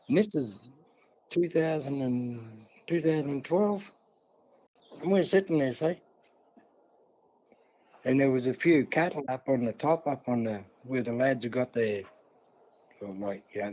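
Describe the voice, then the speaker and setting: An older man from New South Wales with an Australian accent, telling a long story in a relaxed interview and acting out the dialogue. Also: medium pitch. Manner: yarning, acts out dialogue, many "see?" and "mate". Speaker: guest elder. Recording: dull lo-fi sound.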